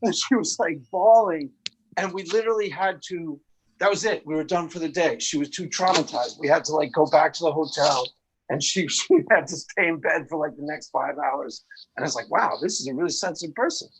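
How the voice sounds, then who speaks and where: A man in a casual group chat telling a lively story with quick asides. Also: fairly high pitch, slight background noise, rough recording. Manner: animated storyteller, quick quips. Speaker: panel guest.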